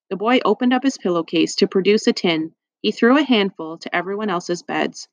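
A woman narrating a children's story in a calm, lowered voice. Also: normal speed, hardly any pauses. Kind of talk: scripted narration. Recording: dry, slightly dull.

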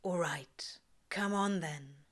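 A woman voicing a laid-back male demon in a low, dry, quietly coaxing voice. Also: a little slow, lightly acted.

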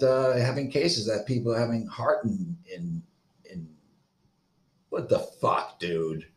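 A man's voice: fairly low pitch, echoey room. A man in his thirties from Florida, hosting a solo podcast in a profane, rambling, agitated rant. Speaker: podcast host.

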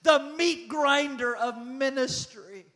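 High-voiced impassioned preacher man, fifties. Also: takes it slowly, a bit bright. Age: 50s. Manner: impassioned, repetitive preaching cadence. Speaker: pastor. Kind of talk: prophetic sermon.

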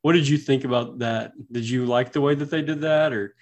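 A man co-hosting a podcast, talking about a film in a relaxed, halting way with many fillers. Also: mid-range voice. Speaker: podcast co-host. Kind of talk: casual film discussion.

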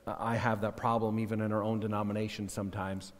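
A man preaching a sermon as pastor, earnest and halting, often repeating and restarting words. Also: lowish voice, level tone, big-room sound.

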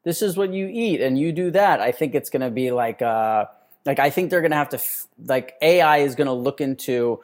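A young man co-hosts a podcast, chatting casually with a mid-range voice at a fairly quick pace. He's an animated storyteller who acts out the people he quotes.

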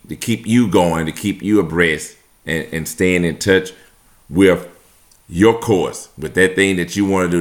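A man giving a motivational talk about following your dream, earnest and direct, repeating key phrases for emphasis. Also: deep voice. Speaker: motivational speaker.

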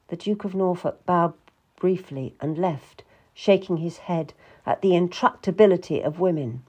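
A woman reading a first-person historical novel aloud in a measured, reflective way. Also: lowish voice, darkish tone, breathy edge. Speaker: audiobook narrator.

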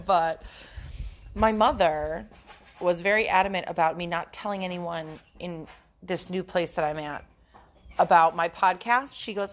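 A woman's voice: fairly low pitch, normal speed. Giggly, foul-mouthed woman podcast host. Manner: profane, giggly, frank and joking. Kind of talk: casual solo podcast monologue.

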